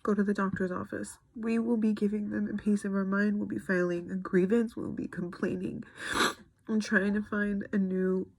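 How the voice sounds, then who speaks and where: Young woman vlogger, earnest and upset, slight fry, dry close sound. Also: mid-range voice, little pitch movement, moderate pace, a little mellow, no echo. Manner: earnest, frustrated, speaking from personal experience. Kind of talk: personal video update.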